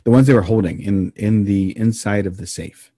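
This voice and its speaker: A man co-hosting a podcast, telling an odd story in a casual, meandering way with deadpan jokes. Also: on the low side, moderate pace, no room sound, clean studio sound. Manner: deadpan joking, meandering with frequent ums.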